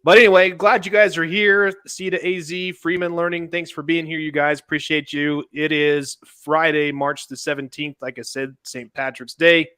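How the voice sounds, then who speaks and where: Bright, upbeat male podcast host. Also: fairly high pitch, level tone, normal speed, few pauses, smooth, no echo, clean studio sound. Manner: upbeat, jokey, explaining legal steps. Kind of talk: casual podcast chat.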